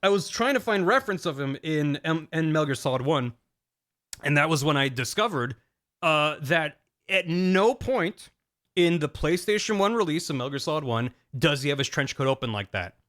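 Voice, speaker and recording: A man's voice: fairly high pitch, lively intonation, normal speed, fairly bright tone. A young man chatting casually on a live stream, rambling with frequent stammered restarts.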